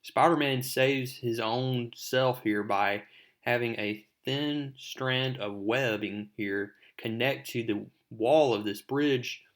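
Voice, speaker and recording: A man's voice: mid-range voice, takes it slowly, fairly bright tone. A man casually retelling a comic book story, rambling and using many fillers.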